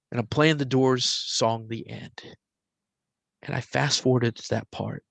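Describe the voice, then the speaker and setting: A man in his forties tells a story in a casual, conversational way, his voice sitting at an ordinary middle pitch. He gets animated at the exciting parts and drops into a hushed whisper when he quotes the voices. The recording is dry and close, with no room sound. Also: no echo. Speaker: podcast host telling a story.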